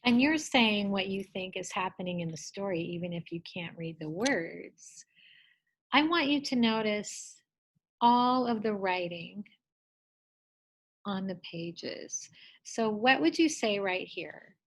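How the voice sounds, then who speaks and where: Slow, gentle woman teacher. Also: mid-range voice, animated, low-quality recording. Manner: gentle, encouraging, asks children questions. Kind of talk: lesson for young children.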